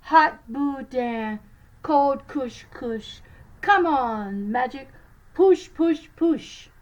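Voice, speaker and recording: A woman voicing a brisk fairy godmother who chants spells, in a storybook read-aloud. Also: high-pitched, animated, a bit bright, highs cut off.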